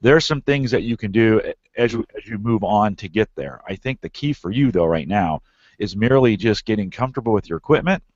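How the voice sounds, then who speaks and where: A man's voice: fairly low pitch, expressive, brisk, a little mellow, no echo, lo-fi sound. A man hosting a podcast advice show, coaching a caller with encouraging, repeated tips. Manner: encouraging, repeats phrases for emphasis.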